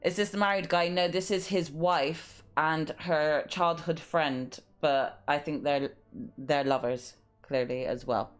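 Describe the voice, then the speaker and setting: A woman's voice: low voice, fairly even intonation, a little slow, faint music behind. A woman streaming a mystery game live, thinking aloud and reading clues and letters aloud. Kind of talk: live gameplay commentary.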